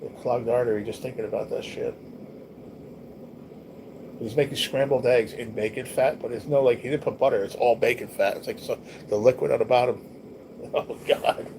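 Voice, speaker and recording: A livestream host with a mid-range voice speaks at a moderate pace, fairly even in intonation and pausing often. His casual chat with viewers is blunt, profane and rambling, packed with slang, and background noise is noticeable.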